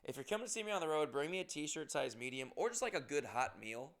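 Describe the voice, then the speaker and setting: On his podcast, a comedian speaks fast in a fairly bright, higher-side voice with lively intonation. The casual monologue is made of rambling, self-deprecating stories peppered with swearing.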